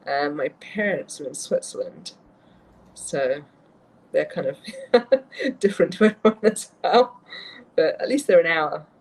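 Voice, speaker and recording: A woman chats over a video call with a slightly husky, breathy voice. She giggles often and keeps the talk light. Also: low voice, lively intonation, measured pace, pauses often, rough recording. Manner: light, giggly, frequent laughter. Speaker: guest, book cover designer. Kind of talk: casual video-call chat.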